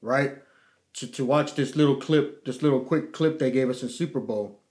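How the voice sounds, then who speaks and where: A middle-aged man telling a story in casual chat, swearing freely and acting out quotes with lively energy. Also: mid-range voice, moderate pace. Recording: echoey room.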